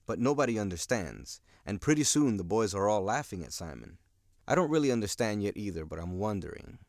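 A man's voice: fairly low pitch, very animated, fairly quick, dry recording, clean studio sound. A man teaching, plainly explaining a novel to learners and asking them questions.

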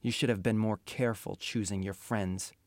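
A man's voice: lowish voice, fairly even intonation, moderate pace, no room sound, studio quality, natural voice. A man voicing a bitter young prince who speaks coldly and accusingly. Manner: cold and accusing.

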